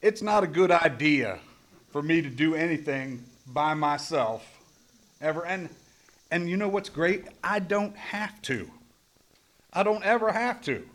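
Middle-aged man with a fairly high voice, plainspoken and swearing freely, telling a rambling recovery story. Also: animated, measured pace, a bit bright. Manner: blunt, profane, rambling storyteller. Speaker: recovery meeting speaker. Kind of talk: personal recovery share.

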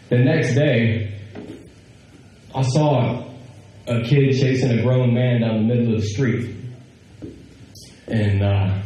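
A man telling a personal story in a casual, animated way, quoting other people and laughing as he goes. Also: medium pitch, a little hiss or hum. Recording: very echoey room.

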